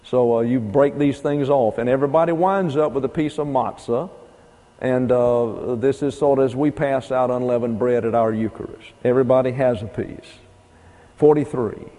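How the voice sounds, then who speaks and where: A man teaches a Bible class in a loose, folksy way, wandering into asides and spelling words out letter by letter. His voice is dark and mellow. Long reverb from a hall trails behind him. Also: mid-range voice.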